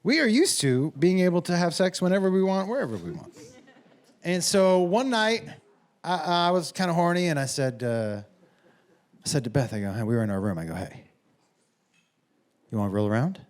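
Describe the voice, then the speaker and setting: A middle-aged man doing stand-up comedy, telling stories in a brash, profane, animated way on a comedy club stage. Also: high-pitched, moderate pace. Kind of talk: stand-up storytelling. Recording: live show with roaring crowd.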